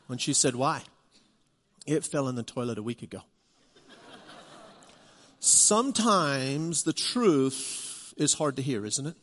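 A man preaching a sermon as pastor, earnest and building to emphatic questions. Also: high-pitched. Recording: long hall reverb.

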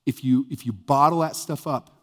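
A man's voice: normal speed, big-room sound. A male pastor, giving a conversational sermon with sudden bursts of emphasis. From US Midwest. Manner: conversational, animated preaching with sudden rises in pitch and volume.

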